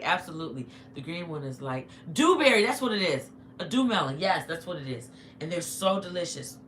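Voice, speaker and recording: Talking to viewers between bites, a middle-aged vlogger chats casually on a livestream from her home. Her voice sits on the lower side with a fairly bright tone, picked up by a phone in an echoey room with faint noise.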